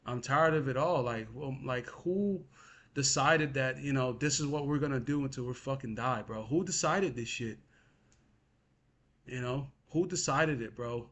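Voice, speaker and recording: A man's voice: medium pitch, unhurried, a bit bright. A young adult man venting in a frustrated monologue to his viewers, repeating himself and cursing as he talks. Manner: frustrated, repetitive, cursing, addresses listener as bro. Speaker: vlogger.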